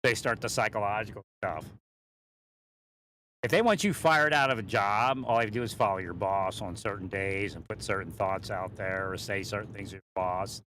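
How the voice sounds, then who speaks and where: A man's voice: lowish voice, moderate pace, pushed and bright, slight background noise. A man speaking in a rambling way from inside a moving vehicle, laughing often between thoughts, sometimes leaning away from a mounted mic. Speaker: vlogger. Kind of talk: rambling monologue while driving.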